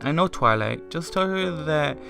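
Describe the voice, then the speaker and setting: A man reading the soft, playful lines of a gentle, shy female pegasus pony. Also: a little high, expressive, normal speed, creaky, over music. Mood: reassuring.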